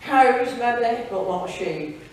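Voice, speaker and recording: A woman's voice: on the high side, animated, slow pace, a little mellow, voice pushed up. A woman reading the lines of a blunt, skeptical farm boy in a Yorkshire accent. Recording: very echoey hall, distant mic.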